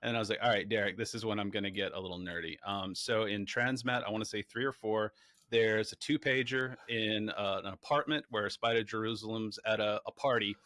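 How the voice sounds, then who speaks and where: A man being interviewed about his documentary, telling animated stories and acting out what people said. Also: lowish voice, a little fast, no echo, studio quality. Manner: animated, excitable storyteller acting out quotes. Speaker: documentary filmmaker guest. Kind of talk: casual interview storytelling.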